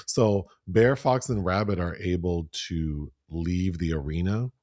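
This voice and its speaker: A man co-hosting a podcast, casually retelling a film's plot and mimicking characters in higher voices. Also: measured pace, no echo, studio quality. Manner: animated, breaks into high voices when quoting. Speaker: podcast co-host. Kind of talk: casual film review chat.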